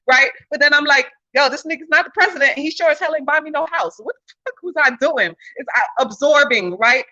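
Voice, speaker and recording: Woman, fairly high voice, animated casual storytelling, slang and swearing, dull lo-fi recording.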